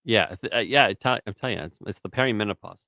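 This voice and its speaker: A man's voice: on the low side, fast talker, gravelly, bright, forceful tone, dry recording, clean studio sound. A man co-hosting a casual live-stream show, reading chat messages aloud and teasing his co-host. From Canada. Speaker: podcast co-host.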